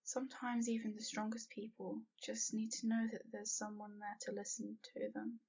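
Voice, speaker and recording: Soft-spoken masked young man, gentle and calm, breathy and muffled read by a woman. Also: fairly high pitch, moderate pace. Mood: soothing. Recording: dull lo-fi home recording.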